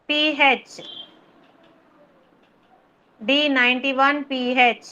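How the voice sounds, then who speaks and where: A woman teaching phonics to small children over a video call, sounding out letters slowly and patiently repeating words. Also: high-pitched, flat delivery, pushed and bright, muffled recording. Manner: slow, drawn-out sounding of letters, patient repetition. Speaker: kindergarten teacher. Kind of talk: online phonics lesson for young children.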